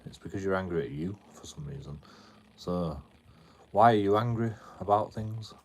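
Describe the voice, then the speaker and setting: A man's voice: low-pitched, animated, moderate pace, darkish tone. A British man live streaming, arguing with his chat in a combative tone, swearing a lot and repeating himself. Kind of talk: ranting at chat on a livestream.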